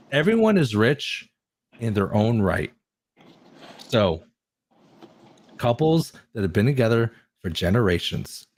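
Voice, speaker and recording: A man in his forties, a podcast guest, chatting in an excitable, effusive way and swearing freely. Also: lowish voice, slightly rough. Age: 40s. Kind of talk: casual chat.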